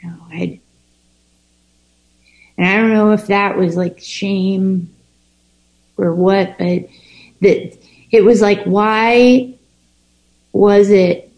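A woman's voice: medium pitch, steady tone, darkish tone, low-quality recording. A woman candidly telling her own recovery story, speaking frankly with lots of swearing and frequent restarts. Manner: halting and frank, heavy swearing, many restarts. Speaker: person sharing a recovery story.

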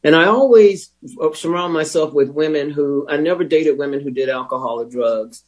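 A man telling his recovery story as a personal testimony, candid and wry, with emotional pauses. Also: fairly high pitch, low-quality recording. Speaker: speaker sharing a recovery story.

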